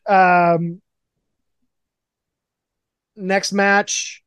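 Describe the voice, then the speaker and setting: Male podcast host, loose and profane, animated riffing, dry recording. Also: high voice, measured pace, long pauses, no room sound. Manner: profane, rambling, animated storytelling with mock quotes. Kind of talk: casual fantasy booking chat. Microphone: video call.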